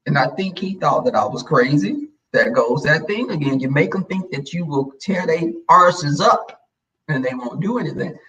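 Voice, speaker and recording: A man telling a personal story in a casual chat, sassy and animated, acting out what people said. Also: a little high, normal speed, distant mic, poor audio. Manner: animated, sassy, acts out quoted lines.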